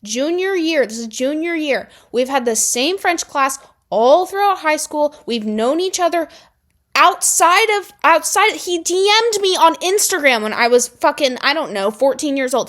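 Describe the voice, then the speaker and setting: Chatty young woman vlogger, fairly high voice. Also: animated, normal speed, a bit bright. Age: young adult. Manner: chatty, heavy "like" fillers, exasperated outbursts. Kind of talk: casual storytelling vlog.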